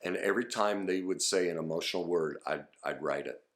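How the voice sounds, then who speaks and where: A man's voice: low-pitched, a little fast. A middle-aged man teaching listening skills to camera in an earnest, conversational way, sometimes acting out sample dialogue.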